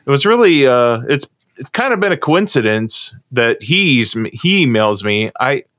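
A man's voice: medium pitch, very animated, measured pace, fairly bright tone, no room sound, clean studio sound. A man from the United States, co-hosting a casual podcast chat, telling a long story with many restarts. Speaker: co-host.

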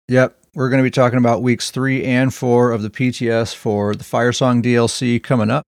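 A man's voice: medium pitch, flat delivery, fairly quick, no echo, studio quality. A man hosting a casual gaming podcast, talking through patch notes in an upbeat way. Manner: upbeat, explains game patch details. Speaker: podcast host.

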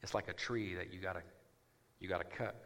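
A pastor delivers a sermon in a bright, forceful voice. He preaches emphatically and calls on the congregation to answer him. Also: sits low, steady tone, brisk, vocal fry. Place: church.

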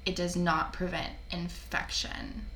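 A woman's voice: on the low side, flat delivery, measured pace, bright, forceful tone. A young woman co-hosting a podcast in casual chat, giggly and chatty with plenty of filler words. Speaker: podcast co-host. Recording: echoey room with faint background noise.

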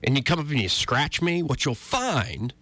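A man hosts a talk radio show, his voice forceful and full of rises and falls. his political commentary runs sarcastic and cynical. the sound is dry and close, with no room around it. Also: medium pitch, sing-song, moderate pace, no room sound. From Alabama. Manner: sarcastic, self-described cynic.

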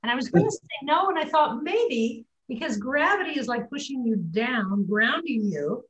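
A woman's voice: sits high, expressive, normal speed, reverberant, dull audio. A woman working as a voice and pronunciation coach, explaining on a group call and modeling words aloud.

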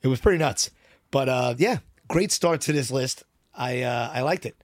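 A man co-hosting a podcast, chatting casually about songs with rambling restarts, swearing often, his voice hoarse and worn out. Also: medium pitch, moderate pace, no room sound, clean studio sound. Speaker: podcast co-host. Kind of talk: casual chat about music.

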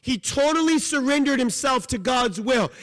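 A man preaching a sermon as pastor, emphatic, moving between loud declarations and quiet low phrases. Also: animated, moderate pace, big-room sound.

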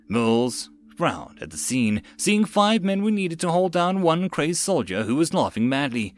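A man reading a web novel audiobook in a steady narrating voice. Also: on the high side, unhurried, few pauses.

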